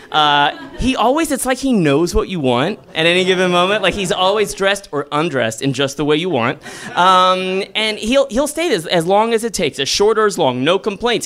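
A young man telling a self-deprecating comic story live, acting out quoted lines with sudden high squeals. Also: fairly bright tone.

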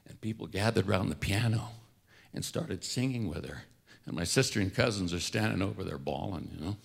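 A man's voice: low voice, lively intonation, fairly quick, creaky, slightly rough. Older man telling family stories. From California. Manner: warm-humored storytelling, acts out quoted voices. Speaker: speaker. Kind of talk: storytelling talk.

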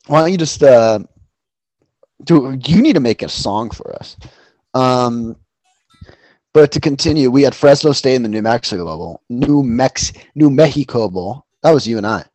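A man's voice: mid-range voice, lively intonation, normal speed, a little mellow, no room sound. Guy on a sports pod, swears a lot, rambles, dry close sound. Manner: loose, profane, rambling with fillers. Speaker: podcast co-host. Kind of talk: casual sports betting chat.

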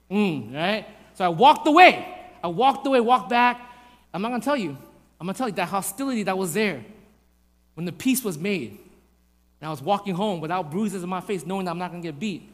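High-voiced man telling a story from the pulpit. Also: brisk, in a large hall. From Vietnamese family. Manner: animated storytelling with acted-out voices. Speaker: pastor. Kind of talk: sermon with personal story.

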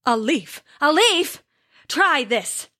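A woman's voice: high voice, sing-song, normal speed, pushed and bright, exaggerated voice. A woman voicing a mighty, hot-tempered male thunder god who bellows in a storybook. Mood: furious. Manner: bellowing, angry outbursts.

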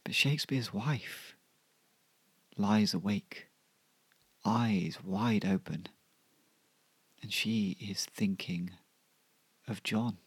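Slow, gravelly male storyteller. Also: on the low side, no room sound. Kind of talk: comic serial story narration.

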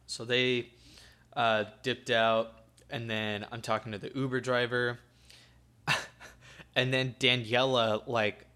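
A young man with a bright, forceful voice recounts a night out in loose, slangy chat. He swears freely and fills his sentences with "like" and "dude", in an easy storytelling rhythm. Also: medium pitch. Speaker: podcast co-host telling a story.

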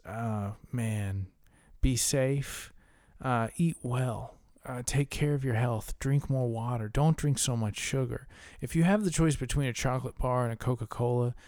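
A man's voice: medium pitch, a little mellow, no echo, studio quality. A man co-hosting a casual podcast, ranting with heavy profanity. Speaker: podcast co-host.

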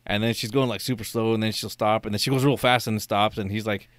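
A man's voice: on the low side, fairly even intonation, fast, a bit bright, no room sound. A young man who works at a store, telling a rambling, profane story in casual chat and laughing along.

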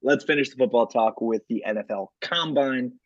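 A man with a husky, slightly rough voice talks sports in a loose, rambling way, dotted with "um" and "like." The sound is dry and a little dull, like a lo-fi home podcast setup. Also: medium pitch, normal speed, no echo. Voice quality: frequent filler words and restarts. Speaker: podcast co-host. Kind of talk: casual sports chat.

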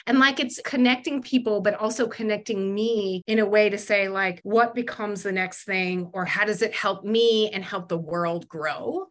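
A woman's voice: medium pitch, fairly bright tone. A young adult woman, a podcast guest, telling stories in casual conversation, full of "like" fillers and acting out quoted voices with big jumps. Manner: frequent "like" fillers, quick laughs. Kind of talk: storytelling in conversation.

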